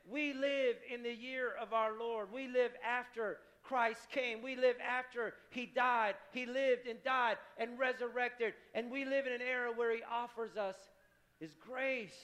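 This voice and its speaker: A middle-aged man preaching a sermon, telling a story with feeling and repeating words in quick bursts. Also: very high-pitched, little pitch movement, fairly bright tone. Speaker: pastor. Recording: music playing behind.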